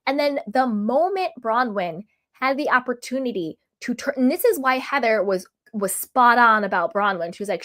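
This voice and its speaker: A woman giving an emphatic, opinionated recap of a reality show episode in a casual vlog, full of quick asides. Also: fairly high pitch, lively intonation, fairly bright tone. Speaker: reality TV reviewer.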